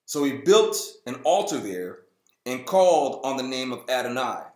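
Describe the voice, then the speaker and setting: Jokey man reading scripture, lively pitch. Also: moderate pace, roomy sound. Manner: jokey, acts out the people in the story in goofy high voices. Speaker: host. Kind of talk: casual Bible reading with comic asides.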